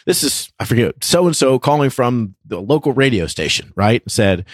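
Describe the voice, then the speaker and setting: A man in his thirties hosting a faith podcast, telling a story in a lively, laughing way. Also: medium pitch, normal speed, no room sound, studio quality. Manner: animated, laughs through his own story. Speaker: podcast co-host. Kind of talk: casual storytelling chat.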